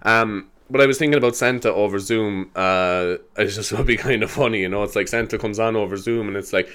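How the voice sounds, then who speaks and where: A man's voice: lowish voice, quick pace, hardly any pauses, fairly bright tone, clean tone. An Irish man hosting a casual solo podcast, rambling and laughing as he tells stories. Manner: rambling, laughing, slipping into silly voices. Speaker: podcast host.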